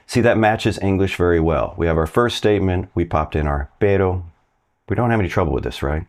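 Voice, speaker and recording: A man's voice: sits low, a little fast. A man giving a casual online language lesson, chatty and friendly, inviting viewers to try translations. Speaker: Spanish teacher.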